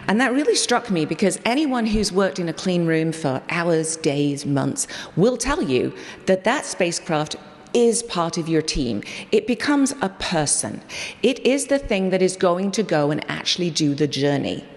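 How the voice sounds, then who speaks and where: Low-voiced woman telling a memorial story. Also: a little slow. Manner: animated storytelling with quoted dialogue. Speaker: project scientist sharing memories. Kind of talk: memorial tribute speech. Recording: long hall reverb.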